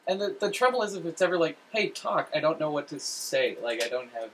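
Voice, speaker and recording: A man's voice: fairly high pitch, expressive, quick pace. A man co-hosting a casual chat, self-deprecating and hesitant, laughing a lot. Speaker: co-host. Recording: distant room mic with faint noise.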